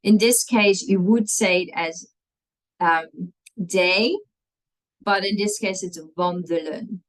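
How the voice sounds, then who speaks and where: A woman's voice: medium pitch, steady tone, unhurried, rough recording. A woman, teaching a language lesson and patiently walking through spelling rules step by step, often checking in with "okay?".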